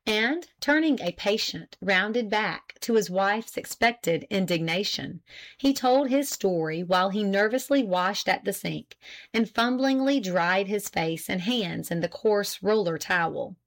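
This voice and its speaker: Measured woman narrating a classic novel. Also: mid-range voice. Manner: measured, even storytelling. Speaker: audiobook narrator. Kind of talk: scripted narration.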